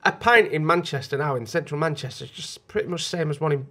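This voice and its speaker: A man from North West England with a fairly high voice, co-hosting a relaxed chat podcast. He teases his partner with cheeky, sweary banter. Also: quick pace. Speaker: podcast co-host.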